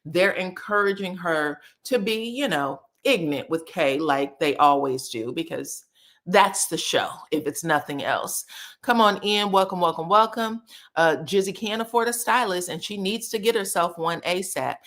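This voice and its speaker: A woman casually recapping a reality TV episode in a chatty, gossipy way, acting out the cast's quotes in animated voices. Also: fairly low pitch, normal speed.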